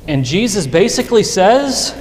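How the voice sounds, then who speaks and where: A man's voice: high voice, very animated, moderate pace, a little mellow. A man preaching a sermon in an earnest, conversational way, often restarting his sentences. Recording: echoey hall with long reverb.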